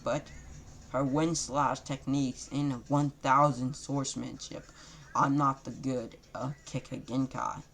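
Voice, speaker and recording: A man voicing a brash, boastful young male ninja who breaks into loud shouts and clumsy rhymes. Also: mid-range voice, steady tone, takes it slowly, gravelly. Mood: rueful. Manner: shouty bursts, loose rhyming.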